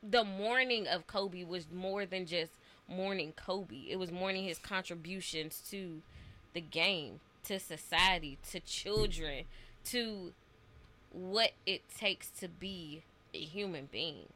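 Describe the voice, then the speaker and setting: A woman's voice: fairly low pitch, takes it slowly, pushed and bright. A woman who is a parent, earnestly telling a personal story in a casual podcast chat and acting out the dialogue. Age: adult parent.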